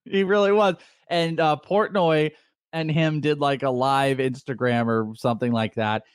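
A man co-hosting a sports talk show, laughing often and halting with fillers as he tells stories. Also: a little high, fairly even intonation, clean tone, dry recording, clean studio sound. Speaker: sports radio host. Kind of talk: casual sports talk banter.

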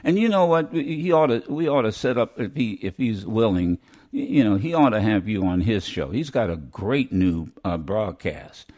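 A man's voice: on the low side, expressive, normal speed, a little mellow. A man hosting a radio show, chatting casually and rambling with many restarts. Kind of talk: casual on-air chat.

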